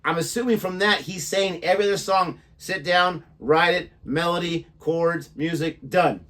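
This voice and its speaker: A man co-hosting a music reaction show, chatting in a relaxed, conversational way and sharing trivia. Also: sits high, moderate pace. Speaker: reaction channel co-host. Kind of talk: casual chat.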